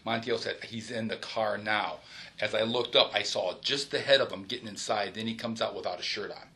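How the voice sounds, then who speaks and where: A man, a police supervisor, recounts a shooting in detail during a formal interview, in halting runs with restarts and a polite "yes, sir.". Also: fairly low pitch, pushed and bright. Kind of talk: recorded investigative interview.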